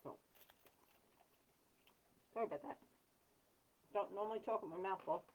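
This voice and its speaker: A woman hosting a live chat, talking in an earnest, rambling way with frequent pauses and apologies. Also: medium pitch, phone-quality sound. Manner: blunt and self-deprecating. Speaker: livestream host.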